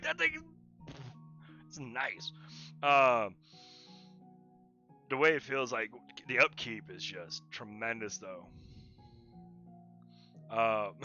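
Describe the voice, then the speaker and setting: A man's voice: mid-range voice, pushed and bright, highs cut off. A man chatting casually and rambling while drawing on a livestream, laughing often. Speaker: livestreaming digital artist.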